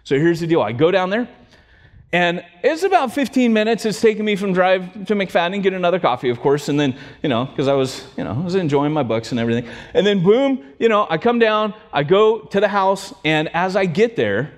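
A man preaching a sermon, telling a story in an animated way and joking with his congregation. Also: high voice, a little fast. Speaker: pastor. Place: church sanctuary. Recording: long church hall reverb.

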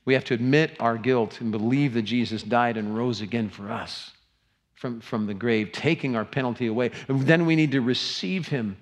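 A man's voice: medium pitch, normal speed. A man, a middle-aged pastor, preaching a sermon with earnest, emphatic appeals to the congregation.

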